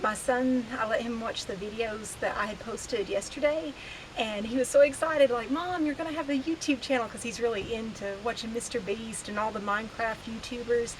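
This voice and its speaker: On an outdoor back porch deck, a vlogger in her thirties talks casually to camera at a normal speed, her slightly high voice holding a steady tone. She laughs easily and jokes at her own expense. The recording is rough, with a bit of hiss or hum and faint outdoor ambience.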